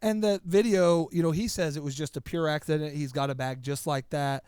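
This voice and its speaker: A man with a slightly high voice, co-hosting a casual podcast. He rambles through stories in stop-start bursts, close to the mic in a dry room. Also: fairly even intonation, brisk, darkish tone, clean tone, no echo. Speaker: podcast co-host. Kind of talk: casual chat.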